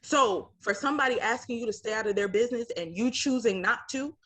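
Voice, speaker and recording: A woman's voice: on the high side, fairly quick, fairly bright tone, husky. A woman co-hosting a reaction show, chatting casually and giving outspoken, slang-heavy opinions. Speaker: co-host of a reality TV reaction show. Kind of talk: casual chat reacting to a TV episode.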